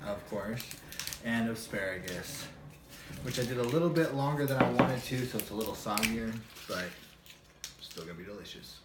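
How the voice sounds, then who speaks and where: A man's voice: medium pitch, lively intonation, normal speed, recorded from a distance. A man co-hosting a mukbang from a home dining table, casually describing the food. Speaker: mukbang co-host. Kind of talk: casual chat while eating. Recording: echoey room, noisy background.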